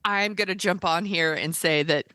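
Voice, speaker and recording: A woman's voice: on the low side, moderate pace, sharp tone, no echo, clean studio sound. A woman with an American accent co-hosting a podcast, blunt and wisecracking, with profanity in casual chat. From United States. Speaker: podcast co-host.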